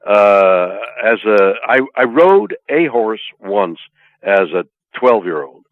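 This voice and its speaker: An older man from Canada speaks from deep in his chest, pausing over long fillers and turning playful between them. The line is thin and tinny, like a phone call, and completely dry with no room around it. He sounds like a guest chatting loosely with his host. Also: sing-song, no echo. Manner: halting, many drawn-out fillers, playful. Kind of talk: casual interview chat.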